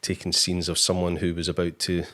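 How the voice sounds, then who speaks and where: A man hosting a casual live-stream interview, relaxed and easygoing with plenty of fillers. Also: low-pitched, fairly quick. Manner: relaxed, filler-heavy, chuckles. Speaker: host.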